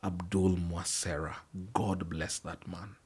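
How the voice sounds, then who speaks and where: Kenyan man telling a story, low voice. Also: slow pace, slightly rough. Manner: animated storyteller, mixes in Swahili phrases. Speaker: podcast guest. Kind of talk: storytelling in casual chat.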